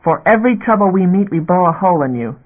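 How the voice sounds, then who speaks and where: A man's voice: high voice, animated, fast talker. Curt, menacing woman warship captain, read by a man in an audiobook, clipped orders, tinny narrow audio. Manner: clipped commands, threatening.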